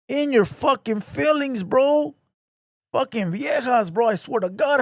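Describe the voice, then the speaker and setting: A man's voice: very high-pitched, lively intonation, unhurried, dry recording, clean studio sound. A man hosting his own channel, delivering a profane, confrontational rant and ending his lines with 'bro'. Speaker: channel host. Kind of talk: ranting commentary.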